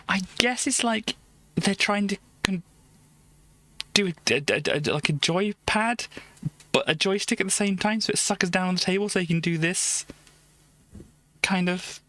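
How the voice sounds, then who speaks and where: A woman's voice: lowish voice, no echo. A woman streaming live, chatting casually and giggling as she reads through an old games magazine. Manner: chatty and giggly, trailing off into soft asides.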